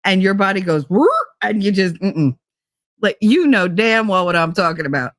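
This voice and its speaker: A woman's voice: mid-range voice, lively intonation, moderate pace, no echo, clean studio sound. A woman host, chatting casually with her live chat, bawdy and prone to giggling fits. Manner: giggly, frequent laughing fits, bawdy and loose. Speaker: livestream host reading chat.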